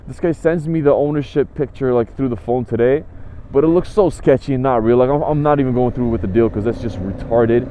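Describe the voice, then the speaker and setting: A man's voice: fairly high pitch, fast talker, dark tone, slight background noise. A young man telling a story in a profane, exasperated, sarcastic rant. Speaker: motorcycle vlogger.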